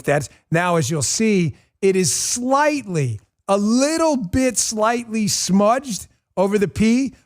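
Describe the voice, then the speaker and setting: A man in his forties hosting a live political stream, blunt and emphatic, ranting at viewers. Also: a little high. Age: 40s. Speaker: political show host.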